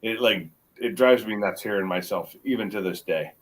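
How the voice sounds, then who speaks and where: A middle-aged man with a mixed American accent, chatting casually as a guest on a livestream and rambling with halting restarts. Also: lowish voice, a crowd in the background, rough recording. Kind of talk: casual chat.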